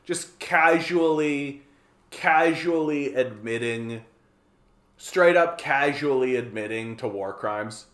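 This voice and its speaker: A man's voice: a little high, slow, fairly bright tone, roomy sound. A man from Canada, giving profane, rambling, sarcastic live-stream commentary as a political streamer.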